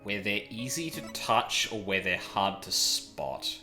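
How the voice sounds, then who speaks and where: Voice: low-pitched, lively intonation, measured pace. A streamer chatting casually about a game, rambling with many fillers and casual swearing. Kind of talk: casual chat. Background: game music.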